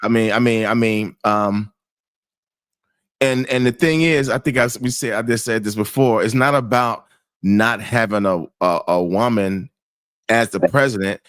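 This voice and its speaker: A man hosting a casual chat, speaking in a halting, conversational way and repeating words. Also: lowish voice, a bit bright, clean tone, dry recording. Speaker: host.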